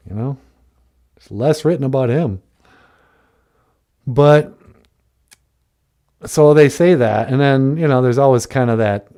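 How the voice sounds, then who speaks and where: A man hosts a casual live-stream chat, joking in a laid-back way and reading viewer comments aloud. His voice is medium-pitched and mellow.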